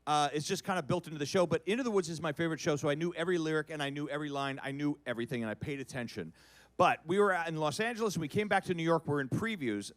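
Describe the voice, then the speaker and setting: A middle-aged man telling a comic story on a cabaret stage, animated and building to loud shouts. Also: on the high side, no echo. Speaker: guest performer.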